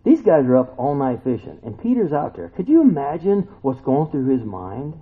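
Animated folksy preacher on a tinny line. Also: male voice, medium pitch, normal speed, husky. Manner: animated, folksy, asks listeners questions. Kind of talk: conversational Bible teaching. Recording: tinny phone-like sound.

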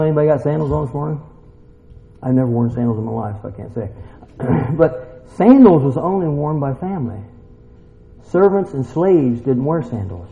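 A man preaching a sermon in a church, animated and swinging from hushed asides to loud exclamations. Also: on the high side, gravelly. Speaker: pastor. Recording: dull lo-fi recording.

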